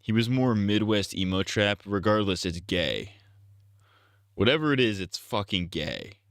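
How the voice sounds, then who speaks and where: A man's voice: on the low side, very animated, unhurried, a bit bright, no room sound, studio quality. A man streaming live, ranting casually in a profane, rambling, blunt way.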